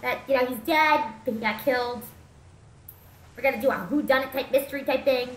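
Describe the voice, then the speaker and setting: A woman's voice: high-pitched, brisk, roomy sound. A woman streaming as a VTuber, chatting goofily through a game with jokes and the odd swear. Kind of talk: gameplay commentary.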